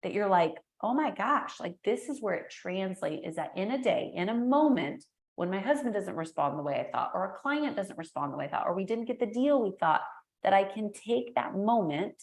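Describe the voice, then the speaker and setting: A woman's voice: mid-range voice, brisk, vocal fry. A middle-aged woman chatting as an interview guest, full of energy and acting out little voices as she tells stories. Her voice sits in a middle range for a woman. The room around her is echoey. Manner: energetic, animated storyteller who acts out quotes. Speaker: guest, entrepreneur and speaker. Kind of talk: casual interview chat.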